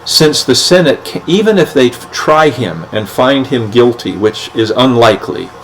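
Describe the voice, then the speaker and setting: A man's voice: medium pitch, lively intonation, moderate pace, a bit bright, slight background noise, rough recording. A man hosting a podcast, reading legal documents aloud and explaining them in plain terms, with many fillers and restarts. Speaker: podcast host.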